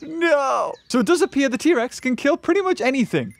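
A man giving excitable gameplay commentary, laughing and yelping at the on-screen action. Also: extremely high pitch. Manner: shrieks and laughs at the action, fast chatter. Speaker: gaming YouTuber.

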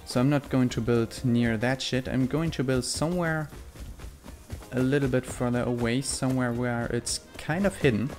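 A man's voice: mid-range voice, normal speed, soft background music. Chatty young-sounding man narrating gameplay. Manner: excitable, swears a lot when fighting; calm, chatty explaining. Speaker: gameplay commentator. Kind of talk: casual gameplay commentary. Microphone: desk mic close up.

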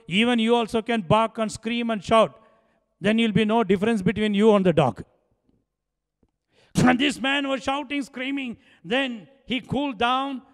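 A man's voice: high-pitched, in a large hall. A man preaching a sermon, telling a story with frequent laughs and acting out both sides of a conversation.

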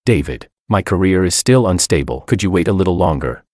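A man voicing an ambitious young woman who smoothly brushes off her boyfriend in an audio story. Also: deep voice, animated, fairly quick, a little mellow, no echo, clean studio sound. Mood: placating.

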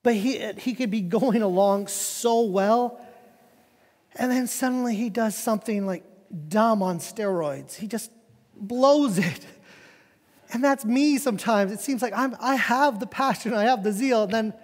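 High-voiced, animated male preacher. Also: unhurried. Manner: animated, conversational preaching with repeated words. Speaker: pastor. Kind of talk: sermon. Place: church sanctuary. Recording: long reverb of a church hall.

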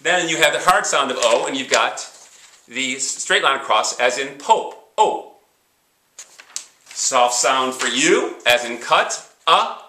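Bright-voiced male teacher, echoey room. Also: medium pitch, slight background noise. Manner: patient, repeats examples, sounds words out slowly. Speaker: high school teacher. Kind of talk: instructional explanation.

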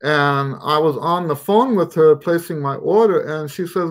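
This American man, from the United States, hosts a trumpet Q&A live stream, rambling casually and leaning on lots of fillers. His voice sits fairly high and moves at a moderate pace. His accent shifts around, mixing Texan with touches of Western Pennsylvania.

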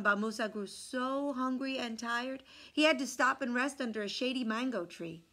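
A woman telling a picture book folk tale aloud in a fairly high voice. She reads with expressive storytime energy, now and then dropping to a soft hush to point out the pictures. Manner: expressive reading with hushed asides about the pictures.

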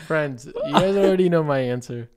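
A man's voice: a little high, moderate pace. A man co-hosting a podcast, chatting casually with lots of fillers and easy laughs. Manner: relaxed, laughing, filler-heavy. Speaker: podcast co-host.

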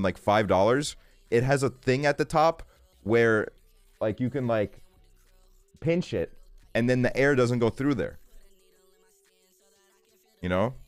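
A man's voice: mid-range voice, no echo. A man streaming from his bedroom, chatting casually and ranting with constant swearing and fillers like "like". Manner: profane, ranting, lots of fillers.

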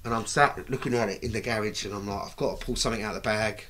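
A middle-aged British man telling stories in a casual chat, lively and swearing freely as he acts out what people said. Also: on the low side, rapid-fire, slight background noise. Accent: British English. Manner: animated, acts out quoted dialogue, swears freely. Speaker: bike builder, guest. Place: recording studio.

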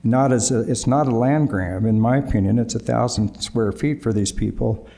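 A man at a city council meeting, explaining and defending a proposal in a measured, defensive way. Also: mid-range voice, gravelly, mellow.

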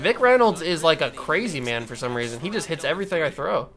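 Bright-voiced man narrating his own gameplay. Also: fairly high pitch, expressive, fast talker. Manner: talks to himself, prone to frustrated outbursts. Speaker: gamer. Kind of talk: casual gameplay commentary.

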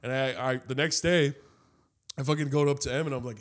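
A man's voice: mid-range voice, fairly even intonation, a little fast. A young man co-hosting a podcast, telling a long casual story full of swearing and acted-out voices. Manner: profane, laughs at his own jokes, acts out voices in stories. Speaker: podcast co-host.

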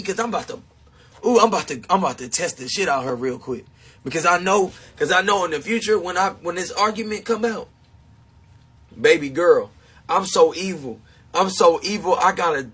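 Male streamer, very high, bright, husky voice, emotional confessional rant that jumps from loud to hushed. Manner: swings between shouting and hushed talk, heavy cursing; confessional and self-mocking. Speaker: livestreamer talking to his supporters. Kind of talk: emotional livestream monologue.

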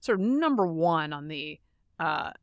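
A woman's voice: sits low, big pitch swings, a little slow, clean tone, dry recording. An American woman co-hosting a podcast, chatting wryly and sarcastically about the news with many fillers. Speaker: podcast co-host. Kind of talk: casual news chat.

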